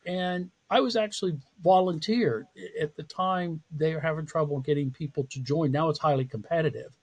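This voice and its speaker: A man's voice: fairly high pitch, fairly even intonation, normal speed, slightly rough. A man speaking as a podcast interview guest and psychology professor, telling his career story in a candid, self-deprecating way with frequent laughs.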